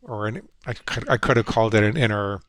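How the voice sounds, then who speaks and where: A man's voice: lowish voice, brisk, fairly bright tone, no room sound. Middle-aged male guest psychologist, earnest and reflective, dry close sound. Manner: earnest, reflective, quotes his own inner voices. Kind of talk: storytelling conversation.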